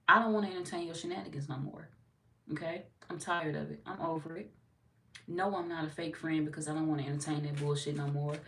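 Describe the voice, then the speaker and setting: A woman giving a tarot reading, talking bluntly and profanely in an animated, scolding way. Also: sits low. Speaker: tarot reader. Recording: slightly distant mic with faint noise.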